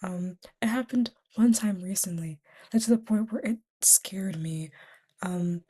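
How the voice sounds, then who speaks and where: A woman's voice: mid-range voice, measured pace, warm tone, slightly rough. Tired young woman, half-whispered ramble. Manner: often drops to a whisper, rambling with many fillers. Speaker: vlogger. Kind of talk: casual confessional chat.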